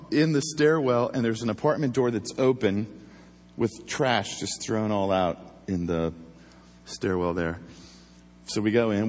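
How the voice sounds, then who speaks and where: A former police officer telling a story in a casual, animated way, acting out the voices he quotes. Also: mid-range voice, in a large hall.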